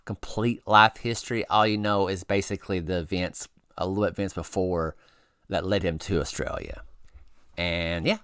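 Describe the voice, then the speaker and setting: A man's voice: sits low, clear, resonant tone, no room sound, clean studio sound. A man hosting a review channel, recapping a TV episode in a rambling, friendly way with lots of fillers. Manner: rambling, many fillers and restarts; relaxed and friendly. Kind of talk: casual spoken episode recap.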